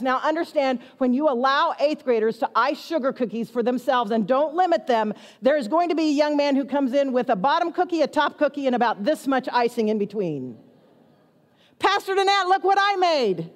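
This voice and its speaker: A middle-aged woman pastor, telling a lively, self-mocking story as part of a sermon. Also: fairly high pitch. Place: church sanctuary. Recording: long hall reverb.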